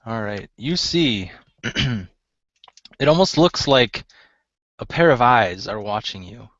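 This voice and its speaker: A man narrating as game master in a relaxed way, with many fillers. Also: medium pitch, slow pace, dry recording, lo-fi sound.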